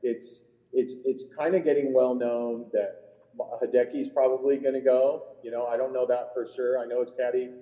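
A man co-hosting a casual golf podcast, spinning long rambling anecdotes with a loose, profane edge. His voice sits warm and dark. The recording rings with a long room reverb. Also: mid-range voice, level tone, moderate pace. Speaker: podcast co-host, PGA Tour caddie. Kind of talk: casual chat, storytelling.

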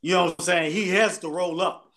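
High-voiced man joking with friends. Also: fairly even intonation, fairly quick, a crowd in the background. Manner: loose, joking, profane storytelling. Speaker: podcast co-host. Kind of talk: casual banter among friends.

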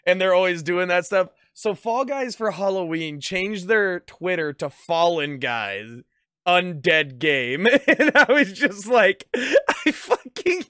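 A man's voice: sits high, big pitch swings, slow, pushed and bright, clean tone, no room sound, clean studio sound. A man co-hosting a podcast in casual chat, laughing often and repeating words in bursts. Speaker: podcast co-host.

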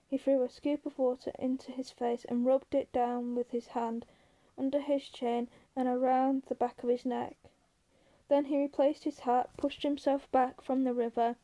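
A woman reading a novel aloud as narrator, steady and even, with the odd small slip. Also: high voice, low-quality recording. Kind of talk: audiobook reading.

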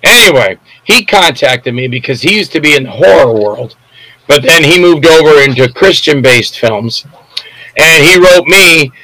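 Man, film director guest, rambling storyteller, gropes for names, bright forceful tone, dry sound. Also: fairly high pitch, expressive, moderate pace, dry recording, low-quality recording. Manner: rambling, loses names mid-sentence.

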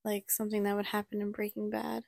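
A woman's voice: medium pitch, monotone, quick pace, gravelly, darkish tone, no room sound, studio quality. A woman co-hosting a casual book podcast, adding hesitant comments full of "like" and "um". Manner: hesitant, filler-laden comments. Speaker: podcast co-host.

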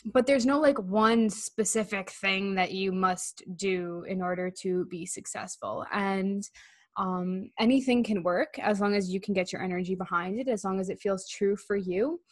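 A woman's voice: mid-range voice, normal speed, no echo, clean studio sound. A woman coach co-hosting a podcast, talking in an upbeat, eager way. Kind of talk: casual podcast chat.

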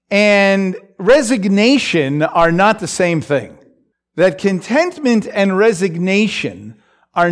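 A man gives a relaxed, conversational Bible lesson. His voice sits fairly high and moves through a lively, expressive range while he speaks at an unhurried pace. He fills the gaps with casual asides and briefly takes on the voices in the passage. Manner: unhurried, lots of fillers and asides, voices scripture quotes. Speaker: Bible teacher.

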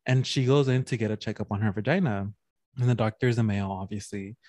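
A man co-hosting a podcast, telling stories in a giggly, animated way and slipping into playful voices. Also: on the low side, fast, no echo, studio quality. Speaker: podcast co-host. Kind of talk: casual explicit chat.

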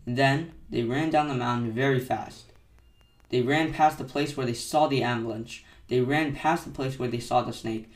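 A man gently reading a children's bedtime story aloud, recorded in an echoey room from a distance. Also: mid-range voice, fairly even intonation, moderate pace. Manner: gentle, soft-spoken narration. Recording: echoey room, mic set far off.

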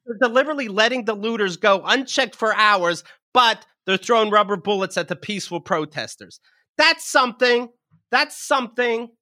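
A man's voice: high-pitched, a little fast, few pauses, sharp tone, no room sound, clean studio sound. A man co-hosting a podcast, ranting heatedly with lots of swearing in casual chat. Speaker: podcast co-host.

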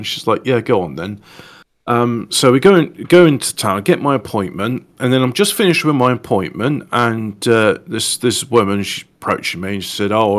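Male co-host, mid-pitched, rambling storyteller. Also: fairly bright tone. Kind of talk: casual chat.

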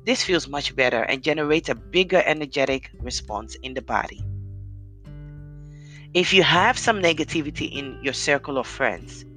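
A podcast host with a deep, commanding voice, giving an earnest, encouraging motivational talk straight to listeners. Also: expressive, normal speed, sharp tone, soft background music.

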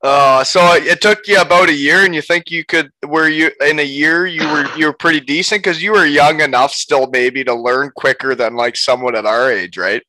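A man hosting a relaxed interview, his questions rambling and loose. His voice is bright and crisp, recorded close and dry with no room sound. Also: a little high, normal speed, few pauses, no echo, rough recording. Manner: rambling questions, laughs easily. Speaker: podcast host. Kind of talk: casual interview chat.

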